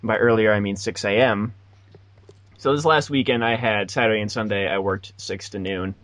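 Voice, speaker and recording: A man's voice: on the low side, fairly even intonation, moderate pace, a bit bright, dry recording. A young man in his twenties hosting a podcast, telling a rambling story in a sarcastic, casual way. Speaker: podcast host. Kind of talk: casual chat.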